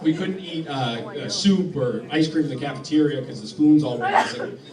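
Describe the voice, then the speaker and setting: Deadpan man doing stand-up, far off. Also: a little high, crowd noise. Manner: deadpan, halting, many restarts. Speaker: stand-up comedian. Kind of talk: stand-up comedy set. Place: club hall with live audience laughing. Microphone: phone recording from the crowd. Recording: echoey distant phone recording of a club.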